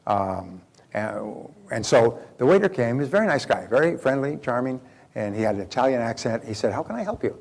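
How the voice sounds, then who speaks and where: A seminar speaker with a medium-pitched, darkish voice, lively intonation and vocal fry talks fairly quickly at a live motivational event. He tells anecdotes, questions the audience directly, and repeats phrases for emphasis.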